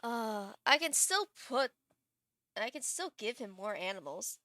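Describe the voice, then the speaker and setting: Woman streamer, high and unhurried, chatty and gushing over her game in a dry room. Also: expressive, bright, forceful tone, no echo. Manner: gushing, thinks aloud, breaks into squeals and laughter. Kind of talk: casual live-stream chat while building a game character.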